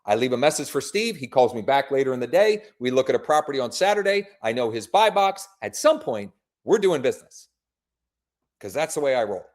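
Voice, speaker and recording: A man's voice: medium pitch, big pitch swings, a little fast. A man who works as a real estate agent, running a live workshop and making friendly, informal phone calls to leads.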